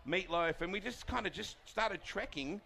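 Laughing Australian man, bright voice. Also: sits high, expressive, moderate pace, gravelly, a little hiss or hum. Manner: laughing storyteller. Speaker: race announcer. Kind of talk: casual chat.

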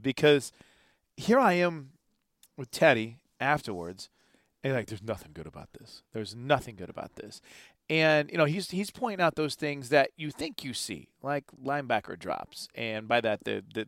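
A man's voice: medium pitch, fairly bright tone, dry recording, studio quality. Rambling, enthusiastic man on sports talk. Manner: rambling, enthusiastic, acts out quotes. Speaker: sports talk show co-host. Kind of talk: casual sports chat.

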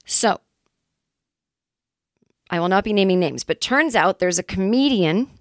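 A woman's voice: medium pitch, expressive, a little slow, dry recording, studio quality. A woman comedian telling a long personal story in a casual, rambling, self-deprecating way, with the odd swear word. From Los Angeles area, California. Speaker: comedian, podcast host.

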